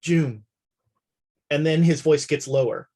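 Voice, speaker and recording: Here a woman game master, lowish in voice, narrates a tabletop horror session. Her delivery is easygoing and hesitant, packed with fillers.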